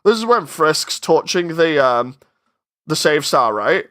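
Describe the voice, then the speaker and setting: A man's voice: fairly high pitch, very animated, slow, fairly bright tone. A man chatting casually on a live stream while working on his animation, rambling, interrupting himself and getting exasperated.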